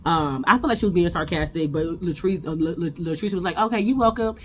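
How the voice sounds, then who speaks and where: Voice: mid-range voice, fairly quick. This host chats through a reality TV recap in a mid-range voice, rambling and opinionated, with lots of stops and restarts. A faint hum of background noise sits under the talk.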